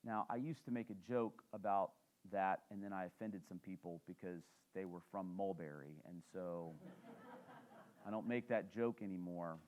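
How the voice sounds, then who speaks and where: A man's voice: deep voice, normal speed, darkish tone. A man, a pastor teaching a sermon in church in a conversational way, with fillers and questions to the congregation.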